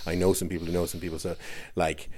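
Deep-voiced Irish man telling a rambling story. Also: monotone, fast talker, darkish tone, slight background noise. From Ireland. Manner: rambling, self-interrupting, laughs through his telling. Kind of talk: casual storytelling.

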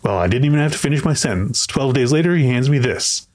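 A man's voice: mid-range voice, expressive, quick pace, a little mellow. A man hosting a podcast, chatting casually about a film and often repeating words as he thinks aloud. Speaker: podcast host.

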